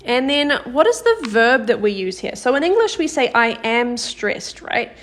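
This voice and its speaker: A woman teaches a live-streamed lesson in a slightly high, light voice. She is patient and encouraging, cheering on viewers by name, and slows right down whenever she models an example sentence. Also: sing-song. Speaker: Korean language teacher.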